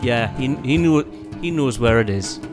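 A man's voice: mid-range voice, animated, moderate pace, over music. A man playing in a tabletop game, hesitant and laughing as he decides his moves. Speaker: player.

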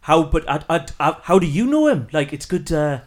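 Hesitant player, fairly high voice. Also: male voice, big pitch swings, normal speed. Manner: hesitant, stammering. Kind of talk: casual tabletop chat.

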